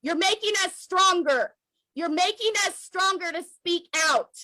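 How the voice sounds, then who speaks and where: Fiery high-voiced American woman. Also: animated, a little slow, sharp tone, no echo, poor audio. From United States. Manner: fiery, emphatic, repeats lines for force. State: emotional, near tears. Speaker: activist vlogger. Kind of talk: impassioned political address to camera.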